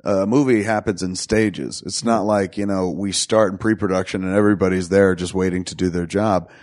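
A man hosting a casual conversation, animated, acting out quoted voices and swearing freely. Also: sits low, fairly quick.

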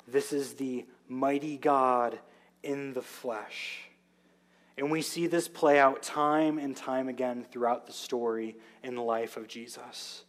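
A man's voice: mid-range voice, steady tone, takes it slowly. A man preaching a sermon, telling the story with emphatic, vivid asides. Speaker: pastor.

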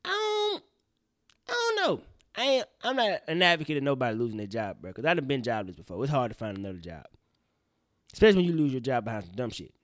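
A young man hosts a podcast, ranting fast in a medium-pitched voice through casual news commentary. He's animated and profane, and he goes off on tangents. The recording is dry and studio quality.

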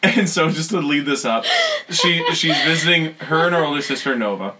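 A young man with a bright, forward voice rattles through a casual story, stacking up detail after detail. He breaks into loud quoted voices and laughter as the story builds. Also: on the high side, moderate pace, slight background noise. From western Canada. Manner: animated storyteller, laughing, shouting voices of people in his stories.

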